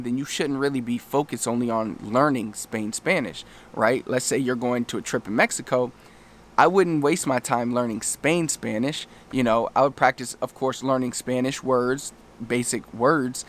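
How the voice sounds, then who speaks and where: A man speaking with a middle-range pitch, giving travel language advice off the cuff. He talks in a loose, rambling way, restarting sentences and slipping into quick acted-out quotes. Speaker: language coach. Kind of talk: casual talking-head lesson.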